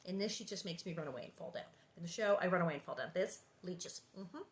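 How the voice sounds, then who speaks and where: A woman's voice: fairly low pitch, animated, quick pace. A woman hosting a read-aloud of a children's book, narrating and breaking off for chatty, amused asides.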